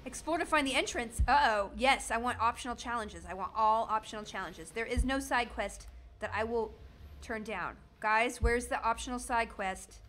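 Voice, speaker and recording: A woman in her thirties doing jokey, excitable commentary while she plays a video game. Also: on the high side, moderate pace. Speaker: gaming streamer. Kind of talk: let's play commentary.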